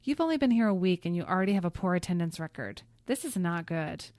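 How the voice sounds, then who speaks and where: A woman's voice: on the low side, lively intonation, fast, a little mellow, dry recording, lightly acted. A woman voicing a stern, disapproving school administrator.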